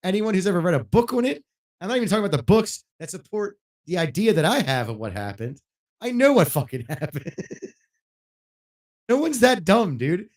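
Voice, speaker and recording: A man's voice: high voice, very animated, a little fast. Blunt, profane man streaming. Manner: blunt and profane, rising loud when worked up. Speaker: gaming livestreamer. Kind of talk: casual rant while streaming.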